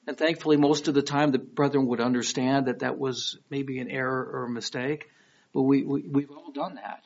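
Speaking at a moderate pace in a mid-range voice, a middle-aged Michigan pastor with a Detroit accent preaches by telling stories conversationally. He acts out quoted voices with liveliness. The audio has a dull, lo-fi quality.

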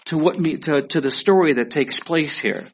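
A pastor preaches in a conversational way, asking his listeners questions. His voice is a little high, husky and weak, moving at a normal speed.

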